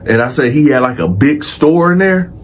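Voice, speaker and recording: A man telling a prison story in a casual, animated and profane way, addressing his audience directly. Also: fairly high pitch, normal speed, a little hiss or hum. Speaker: storyteller host.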